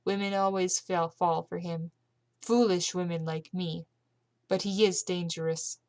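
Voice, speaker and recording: Casting: a spirited, scared woman with a French accent, quick and scornful, read by a woman in a storybook. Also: on the low side, steady tone, darkish tone, no room sound. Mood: urgent. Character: frightened woman from France, spirited and blunt.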